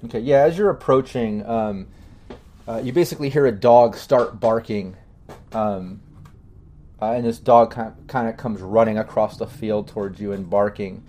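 Male game master, low mellow voice, halting and full of fillers. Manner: loose and halting, with many fillers. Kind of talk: narrating a tabletop game.

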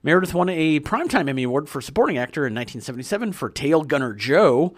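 A man co-hosting a podcast in casual chat, reading out film trivia in quick bursts. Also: on the high side, very animated. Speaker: podcast co-host.

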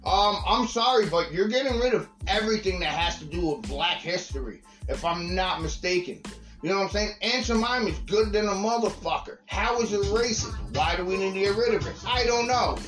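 A man's voice: high-pitched, animated, fairly quick, a bit bright, roomy sound, soft background music. Fired-up profane man ranting. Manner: profane, fired-up, repeats himself. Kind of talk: heated casual rant.

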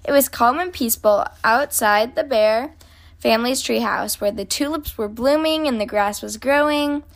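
A woman hosting a kids' story channel, reading a children's picture book aloud in a gentle, clear storytelling manner. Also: fairly high pitch, normal speed. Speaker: host, storybook reader.

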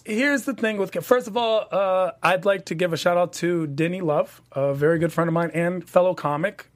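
A man hosting a TV after-show panel in casual chat, switching into animated, theatrical delivery for his sign-off pitches. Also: normal speed. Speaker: podcast panel host.

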